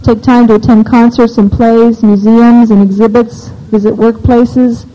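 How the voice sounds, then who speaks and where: This woman's voice is fairly high and warm, with a level tone and a slightly slow pace. Speaking live at a homeschooling seminar, she offers opinionated, practical advice and frequently questions the audience, captured on a dull lo-fi recording.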